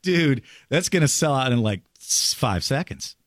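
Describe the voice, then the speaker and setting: A male radio host with a medium voice whose pitch swings widely. He reacts with excited exclamations and keeps his guest talking. The recording is dry and close to the mic. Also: normal speed, no echo. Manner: enthusiastic, encouraging interjections. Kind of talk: casual radio chat.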